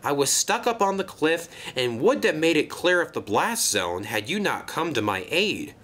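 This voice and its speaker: A brusque storybook engine who cuts others off and speaks bluntly, his voice rising and falling a lot, as a man puts him on. A toy-railway character, higher than a typical man. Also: very animated, moderate pace, a bit bright.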